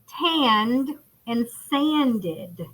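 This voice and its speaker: A woman teaching young children phonics in a recorded lesson. Her voice sits high and sounds bright, and she talks slowly and warmly encouraging, addressing the kids as friends. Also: lively intonation, low-quality recording. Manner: encouraging, calls listeners friends. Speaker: first grade phonics teacher.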